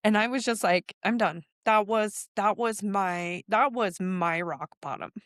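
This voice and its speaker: A woman's voice: medium pitch, a little slow, dry recording, studio quality. A woman in her forties, a podcast guest, telling her story in casual chat, candid and emotional, acting out the voices of people she quotes.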